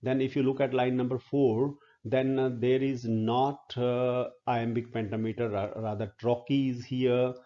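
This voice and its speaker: A male professor giving a classroom lecture on poetry, pausing often with "uh" and counting syllables aloud. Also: mid-range voice, level tone, lo-fi sound. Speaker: literature professor.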